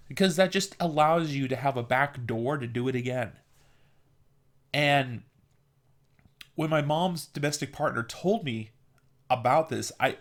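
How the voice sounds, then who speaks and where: A man's voice: medium pitch, fairly bright tone. Male vlogger, mid-range voice, earnest and opinionated casual monologue.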